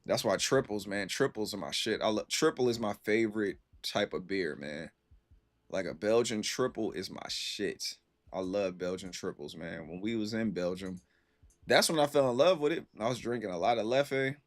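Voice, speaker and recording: A man's voice: lowish voice, moderate pace. A young man, streaming from his computer and casually chatting with viewers in slangy, laid-back stories. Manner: laid-back slangy storytelling, reacting to chat.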